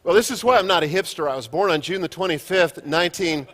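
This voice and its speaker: A man's voice: high-pitched, fast talker, fairly bright tone, long reverb tail. A man in his fifties giving a conference keynote, telling jokey stories at his own expense. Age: 50s. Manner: jokey storytelling with self-deprecating humor. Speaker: keynote speaker. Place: conference hall.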